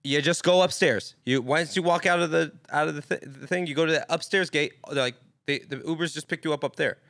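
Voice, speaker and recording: A man's voice: on the high side, fairly quick, fairly bright tone, no echo. A man, a comedian guest, chatting casually on a podcast and telling jokey stories with lots of stammering restarts.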